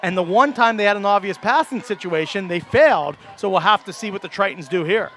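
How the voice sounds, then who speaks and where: A man with a high, bright-toned voice gives color commentary on a high school football game. He breaks down blocking schemes with obvious enthusiasm and an easy chuckle. Faint outdoor noise hangs in the background. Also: brisk. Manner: enthusiastic, explains formations, chuckles easily.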